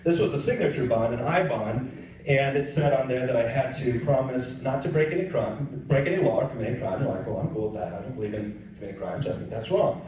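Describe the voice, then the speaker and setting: A man's voice: medium pitch, quick pace, darkish tone, slight background noise. A man who is a pro-life missionary, telling his personal testimony conversationally and acting out the dialogue. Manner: conversational, acts out dialogue in quotes. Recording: distant, echoey, dull-sounding room recording.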